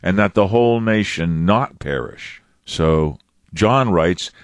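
A man's voice: deep voice, animated, slow, no echo, studio quality. A man preaching a sermon as a pastor, in a conversational, chuckling way, acting out the quotes he reads.

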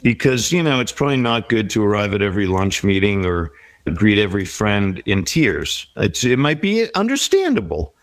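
A man's voice: fairly low pitch, sing-song, moderate pace, no room sound. A middle-aged man speaking as an interview guest, reflective and encouraging as he gives life advice. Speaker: guest author. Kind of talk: conversational interview.

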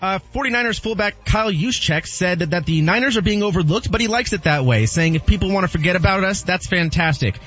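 A man's voice: sits high, lively intonation, fast, few pauses, fairly bright tone, faint music behind. A man co-hosting a radio show, reading sports headlines and putting questions to the host. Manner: reads items, then puts questions to the host. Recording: slightly dull broadcast audio.

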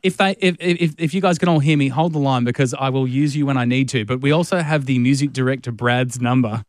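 A man's voice: mid-range voice, fast, dry recording, studio quality. An Australian man hosting a radio show, talking enthusiastically with frequent stumbling restarts. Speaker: radio host. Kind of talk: casual on-air banter. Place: radio studio. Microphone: studio microphone.

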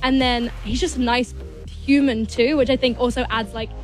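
A teenage girl with a high, light voice talks as a radio interview guest, bubbly and gushing, tumbling through fillers. Faint music plays behind her in the studio. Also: steady tone, normal speed. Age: teens. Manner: bubbly, gushing, lots of likes. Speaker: guest singer and actor.

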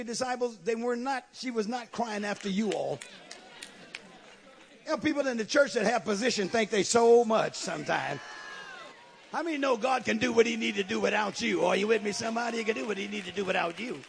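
A man preaching a sermon, swinging from shouted lines to low asides. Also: a little fast, vocal fry, slight background noise. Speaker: pastor.

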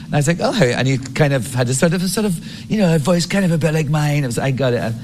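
A man telling a funny anecdote in an animated way, laughing at his own punchlines. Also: a little high, fast talker, a little hiss or hum. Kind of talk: anecdote on an interview clip.

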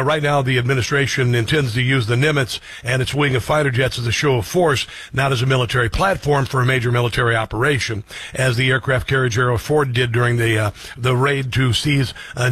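Speaking fast with a medium pitch, fairly even intonation and a fairly bright, breathy tone, he's recorded with no room sound. He runs an opinionated political talk show, bluntly and combatively reading headlines, then riffing with asides.

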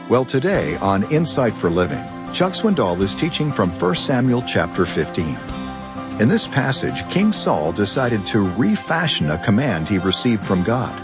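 A man announcing a radio program in a smooth, measured, scripted introduction. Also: medium pitch. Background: music bed.

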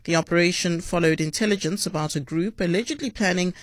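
A woman reading a radio news bulletin in a crisp, measured way. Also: on the low side, dry recording. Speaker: newsreader.

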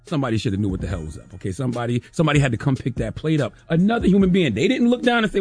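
A man hosts a radio segment with mocking, comedic commentary. His pitch sits slightly high and swings widely. He drops into low asides and jumps up for loud impressions, with faint music underneath. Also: animated, quick pace, slightly rough. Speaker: radio show host.

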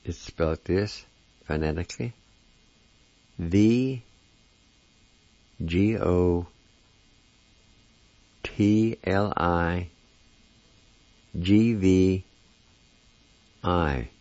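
A man's voice: deep voice, drawn-out words, pauses often, darkish tone, dry recording. A man teaching a language lesson, carefully spelling and repeating each word in a dull lo-fi recording. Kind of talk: slow word-by-word pronunciation lesson.

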